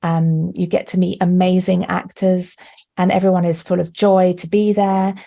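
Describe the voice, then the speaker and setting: A woman who is an actor and director, chatting as a podcast guest over a remote call, lively and quick to laugh. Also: lowish voice, creaky. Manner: lively, laughs often, animated storytelling. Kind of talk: podcast interview chat. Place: remote call, not with the hosts.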